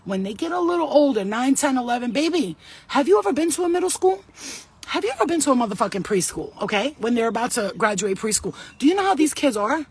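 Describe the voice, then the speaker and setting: A woman's voice: sits high, big pitch swings, fast talker, husky. A woman in her thirties, sweaty and shaken, giving an urgent, blunt and profane talk to camera as a vlogger.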